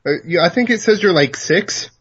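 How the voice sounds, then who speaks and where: A man co-hosting a game review podcast, chiming in with dry, joking asides. His voice is fairly high for a man. The sound is dull and lo-fi. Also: animated, fairly quick, a bit bright, breathy edge. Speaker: podcast co-host. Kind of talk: casual game review chat.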